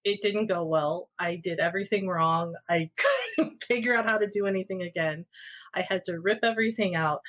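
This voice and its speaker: A woman's voice: lowish voice, moderate pace, fairly bright tone, muffled recording. A woman guest on a podcast, telling personal anecdotes in a casual way and laughing often as she talks. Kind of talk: casual storytelling.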